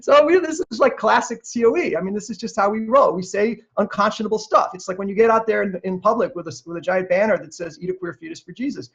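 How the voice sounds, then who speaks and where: High-pitched guy on a podcast, animated storyteller, lots of um and like, kinda muffled lo-fi sound. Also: fast, few pauses. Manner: lively, acts out quoted voices; chatty with many fillers and restarts. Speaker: podcast guest. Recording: dull lo-fi audio.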